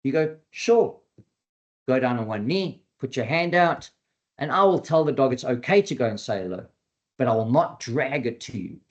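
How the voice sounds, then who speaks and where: A man with a mid-range voice speaks at normal speed in a lo-fi recording. He's a dog behavior trainer giving an earnest educational webinar, repeating his key points and acting out quoted dialogue in a lively voice.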